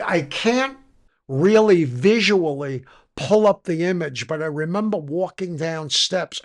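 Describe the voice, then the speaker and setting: Slow, gravelly older New man. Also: fairly high pitch, fairly bright tone. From New York. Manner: frank, conversational storytelling. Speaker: podcast guest. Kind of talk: personal recovery story, candid interview.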